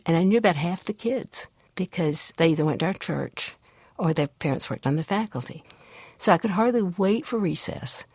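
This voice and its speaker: An older woman from the American South, telling a personal story in a reflective, unhurried way. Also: lowish voice, darkish tone, breathy edge, no echo.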